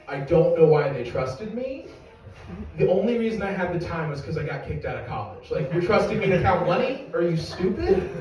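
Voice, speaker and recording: Young man, high voice, rambling stand-up. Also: warm tone, dull audio. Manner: rambling, profane, self-mocking. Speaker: stand-up comedian. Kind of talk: stand-up storytelling. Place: comedy venue with audience. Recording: echoey room from far off.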